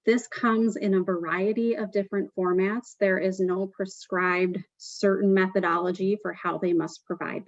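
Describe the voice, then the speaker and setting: A woman's voice: medium pitch, darkish tone, no room sound, dull audio. A woman presenting a tax webinar, explaining step by step with frequent "um" fillers.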